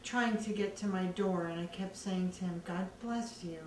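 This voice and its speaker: A woman earnestly recounting her own story in a measured way, with many pauses. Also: on the low side, fairly even intonation, a little mellow. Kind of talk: personal testimony. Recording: echoey room, distant mic, faint background noise.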